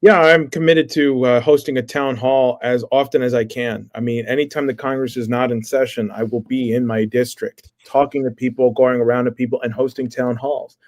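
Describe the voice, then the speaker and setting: A man who is a congressional candidate, answering interview questions in an earnest, measured, explanatory way. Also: medium pitch, steady tone, darkish tone. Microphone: remote stream call.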